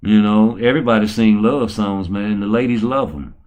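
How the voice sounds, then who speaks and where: A man hosting a show in slangy, casual chat, talking low and quick and crooning slow love songs in a higher voice. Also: phone-quality sound. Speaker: show host.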